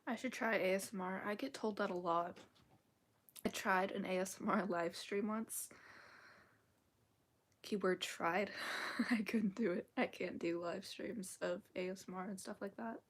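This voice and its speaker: A woman's voice: medium pitch, fairly even intonation, measured pace. A woman chatting casually with her viewers on a live stream from her bedroom, rambling and often slipping into a whisper. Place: bedroom at home.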